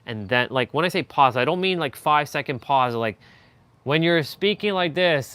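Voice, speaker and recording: A man hosting a live stream gives a viewer casual feedback on their speaking, his slightly high voice moving with lively intonation at a normal speed. His tone is sharp, clear and resonant, with no echo. He speaks loosely, full of fillers and restarts, pushing his voice up and down to demonstrate.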